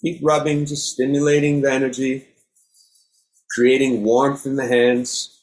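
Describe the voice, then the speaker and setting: Calm man guiding a breathing class. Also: medium pitch, measured pace. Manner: calm, instructive, gives step-by-step cues. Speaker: yoga instructor.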